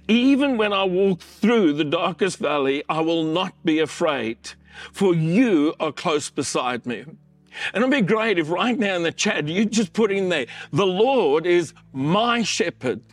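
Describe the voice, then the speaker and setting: A man delivers an online sermon in a somewhat high voice. He speaks earnestly and encouragingly, lingering slowly over the scripture he reads. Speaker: pastor.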